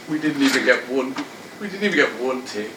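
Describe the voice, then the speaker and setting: Stammering man on a roomy stage. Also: on the high side. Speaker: improv performer. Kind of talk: improvised comedy on stage. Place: theatre stage. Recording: roomy, from far off, noisy.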